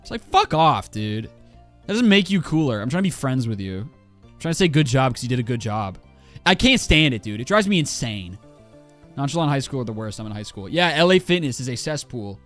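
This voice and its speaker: A man's voice: medium pitch, big pitch swings, fairly quick, fairly bright tone, soft background music. A man in his twenties ranting casually on a livestream while he plays a game, swearing a lot and full of fillers and restarts. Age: 20s.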